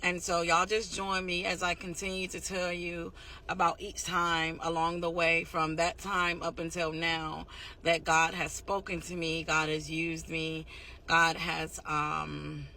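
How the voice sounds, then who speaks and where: Forceful-voiced woman sharing a testimony. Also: lowish voice, flat delivery, a little slow, a little hiss or hum. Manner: candid, heartfelt, rambling with fillers and restarts. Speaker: testimony speaker. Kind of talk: casual personal testimony.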